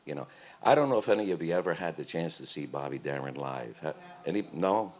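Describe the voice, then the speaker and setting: Older male guest, low voice with swooping delivery, chatty storyteller; faint ambience. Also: fairly quick. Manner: animated anecdotes with impressions, laughing. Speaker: interview guest, singer. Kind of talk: live Q&A storytelling. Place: event room on a cruise ship.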